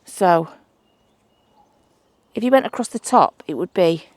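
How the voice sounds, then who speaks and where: A middle-aged woman from England with a Manchester accent builds a trellis outdoors at her allotment for her gardening vlog, chatting casually and thinking aloud in a self-deprecating way. Her voice is fairly low, animated and a little slow, with no room sound.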